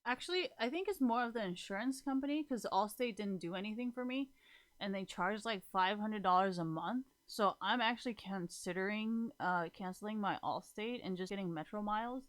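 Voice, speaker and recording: A young woman in her twenties vents frankly to her viewers in a casual monologue, her mid-range voice at a normal speed. Profane and exasperated, she rambles and keeps correcting herself.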